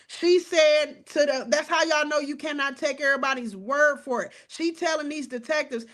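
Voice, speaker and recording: A woman's voice: high voice, normal speed, few pauses. Fired-up outspoken woman commentator. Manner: animated, outspoken, cusses and addresses viewers as y'all. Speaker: true crime commentator.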